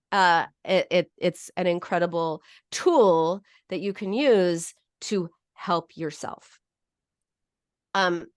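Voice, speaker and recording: Woman psychologist chatting to camera, acts out the feelings, mid pitch, dry close sound. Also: no room sound. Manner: animated, acts out quoted feelings, self-mocking laughs. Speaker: psychologist and host. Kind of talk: advice talk to camera.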